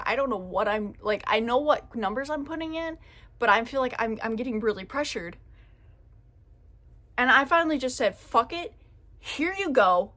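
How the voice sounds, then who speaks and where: A woman's voice: a little high, sharp tone. A young woman telling a casual storytime rant, profane and exasperated as she vents. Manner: profane, exasperated, quick to vent.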